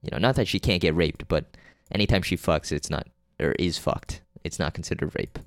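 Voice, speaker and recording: Reviewing movies on his solo podcast, this low-voiced man talks fairly quickly with no echo on the recording. His recap is a loose ramble full of fillers, restarts and cursing, and he keeps forgetting names mid-sentence.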